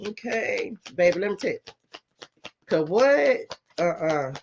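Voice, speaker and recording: A woman's voice: on the low side, sing-song, takes it slowly, a little mellow, slight background noise. A middle-aged woman, giving a casual tarot reading and talking straight to her viewers in a sassy, chatty way. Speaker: spiritual tarot reader. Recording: slightly muffled lo-fi audio.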